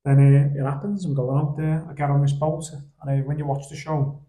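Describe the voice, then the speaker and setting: A young man on a podcast, telling stories in a lively, animated way and laughing along as he goes. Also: on the high side, fairly quick, reverberant. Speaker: podcast guest. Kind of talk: casual storytelling chat. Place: indoor podcast studio.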